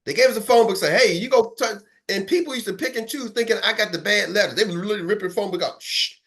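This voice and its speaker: A man's voice: high-pitched, fast, fairly bright tone. A man coaching in a motivational talk, streetwise and emphatic, repeating phrases for rhythm. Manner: acts out phone calls. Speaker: business coach.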